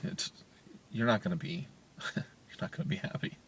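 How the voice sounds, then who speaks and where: A man's voice: normal speed, fairly bright tone. A man in his thirties talking casually and candidly to camera from a parked car, with lots of restarts and fillers. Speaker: vlogger, parent. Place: parked car in a parking garage. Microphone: handheld media player's built-in mic.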